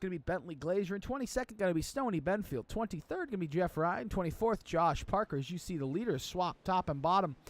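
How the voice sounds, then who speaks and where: A man calling sim truck racing play-by-play in an energetic, chatty manner. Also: high voice, dry recording. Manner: energetic, chatty, builds hype at the start. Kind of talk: play-by-play race commentary.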